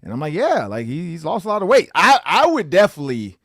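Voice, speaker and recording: A man's voice: fairly high pitch, huge pitch swings, fast, creaky, fairly bright tone, dry recording, clean studio sound. A man hosting a podcast, talking in a casual, earnest and sincere way. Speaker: podcast host.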